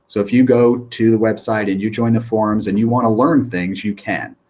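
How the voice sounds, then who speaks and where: A man as a guest author on a casual podcast, easygoing and low-key, often restarting his sentences. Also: fairly even intonation, a little fast, darkish tone.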